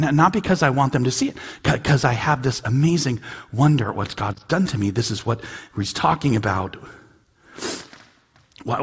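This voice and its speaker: A man with a husky voice delivers a sermon as pastor. He swings from hushed, almost whispered lines up to loud emphatic peaks. He often repeats and restarts words as he presses a point. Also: mid-range voice.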